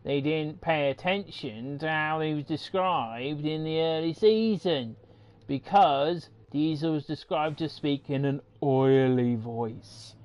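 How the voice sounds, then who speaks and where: An English man chats through a game livestream, often drifting into rants full of swearing. His voice sits a little high, and he talks at an unhurried pace. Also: a little mellow, highs cut off. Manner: ranting, swearing freely. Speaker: game streamer. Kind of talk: casual livestream commentary.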